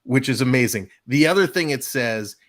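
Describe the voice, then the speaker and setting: A man's voice: medium pitch, animated, moderate pace. A man on a live travel chat who eagerly sums up what the stories say about the experience. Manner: enthusiastic, sums things up. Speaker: co-host of a travel show. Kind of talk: casual livestream chat.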